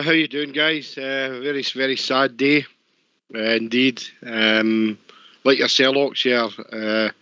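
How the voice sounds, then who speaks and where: Bright flat-toned Scottish man. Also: mid-range voice, clear, resonant tone, dry recording. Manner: halting, emotional. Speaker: show presenter. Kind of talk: storytelling on a call-in show. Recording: dry dull lo-fi stream audio.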